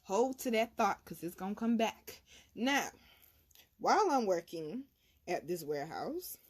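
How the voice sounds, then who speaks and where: A woman host telling a personal story in a blunt, animated, profane way. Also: medium pitch, measured pace, breathy edge. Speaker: tarot reader and channel host. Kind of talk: casual storytelling.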